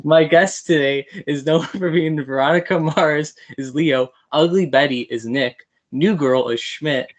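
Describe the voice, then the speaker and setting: A man's voice: on the high side, a little slow, few pauses. A young man hosting a casual podcast interview, eager and playful, often laughing. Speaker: podcast host.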